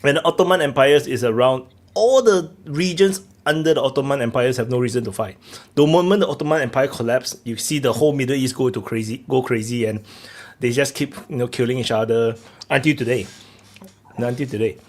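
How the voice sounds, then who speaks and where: A man's voice: mid-range voice, fairly quick. A man hosting a live online debate chat, rambling with many fillers and restarts. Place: online call.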